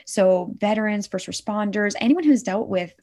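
A middle-aged woman from Oklahoma, a suicide prevention worker, talking as an interview guest in a lively way that checks in with "right?" and acts out quotes. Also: medium pitch, moderate pace. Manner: animated, says "right?" often, acts out quotes. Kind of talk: conversational interview.

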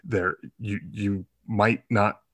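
A man hosting an interview, speaking in a halting way with many restarts and filler sounds. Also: on the low side, fairly even intonation, fairly bright tone, dry recording. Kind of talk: conversational interview.

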